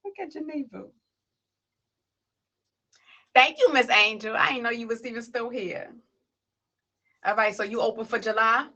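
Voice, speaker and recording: A woman's voice: on the high side, steady tone, moderate pace, bright, forceful tone, poor audio. A woman hosting a poetry livestream who reads a spoken word piece and then chats casually, greeting viewers and people passing by name. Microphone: tablet device.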